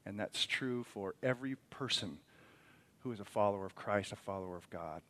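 A middle-aged man preaching as a pastor, telling a family story that moves from quiet reflection to emphatic preaching. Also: fairly low pitch, a little fast. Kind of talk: sermon.

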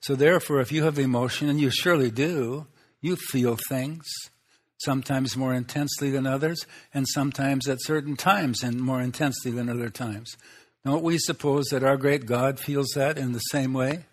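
A man's voice: mid-range voice, steady tone, moderate pace. Chuckling folksy male preacher. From Swedish Lutheran background. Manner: folksy, chuckling asides, rhetorical questions. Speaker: pastor. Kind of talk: sermon.

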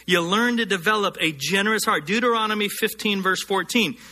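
A preaching man with a high, very bright and forceful voice. He delivers his sermon earnestly, slowing down and lifting his pitch to drive home each scripture. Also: slight background noise. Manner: earnest preaching, slows and rises to stress scripture. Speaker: pastor.

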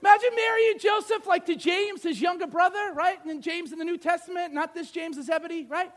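A man in his thirties preaching a sermon, animated, with many rhetorical questions and little acted-out scenes. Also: very high voice, quick pace. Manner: animated, rhetorical questions, acts out biblical figures.

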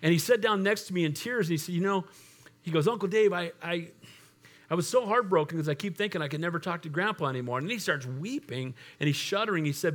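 High-voiced man preaching a sermon. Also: fast talker, fairly bright tone. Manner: storytelling preacher, acts out the figures in quotes. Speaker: pastor.

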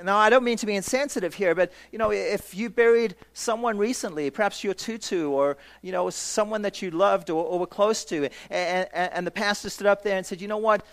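A man's voice: high-pitched, a little fast, few pauses. A man preaching an emphatic sermon as pastor, acting out imagined voices from the congregation and asking rhetorical questions.

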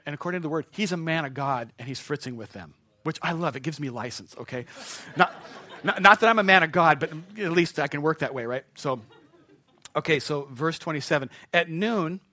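A man's voice: fairly high pitch, bright, forceful tone, no echo. A man preaching a sermon in a jokey, chuckling, conversational way. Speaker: pastor.

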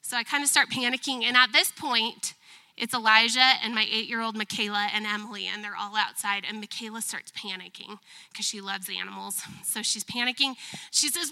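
A woman in her thirties telling a lively, self-mocking story as a testimony during a church service, laughing often. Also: a little high, fairly quick, vocal fry. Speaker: church member giving a testimony.

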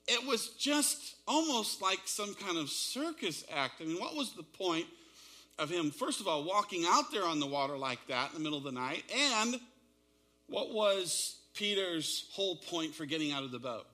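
A man's voice: high-pitched, sing-song, moderate pace, bright, forceful tone. A man preaching a sermon, retelling a story dramatically with shifting pace and emphasis. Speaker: pastor.

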